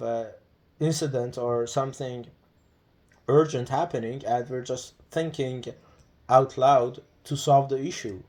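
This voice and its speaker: A man vlogging in a loose, reflective monologue. He hesitates constantly, with many restarts and fillers as he searches for words. His voice sits at an ordinary middle pitch. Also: a little mellow.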